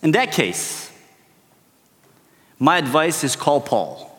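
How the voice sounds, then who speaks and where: A man's voice: fairly high pitch, very animated, slow pace, a bit bright. Storytelling preacher man in an echoing hall. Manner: storytelling, keeps checking in with "right?". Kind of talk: conversational sermon opener. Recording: long hall reverb.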